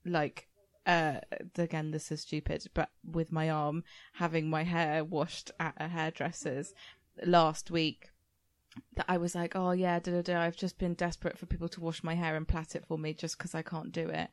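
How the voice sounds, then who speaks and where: A woman's voice: low voice, little pitch movement, moderate pace, no room sound. A woman co-hosting a podcast, telling stories in a chatty way and quoting others with animation. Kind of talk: casual chat.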